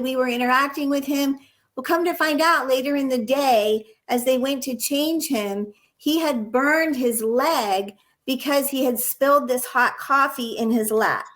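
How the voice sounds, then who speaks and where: A woman with a high voice talks earnestly about her work teaching nurses. She tells stories in a conversational way and acts out the exchanges she describes. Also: unhurried, fairly bright tone. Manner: earnest, illustrates points with acted examples. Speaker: nursing educator and guest. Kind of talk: conversational interview, storytelling.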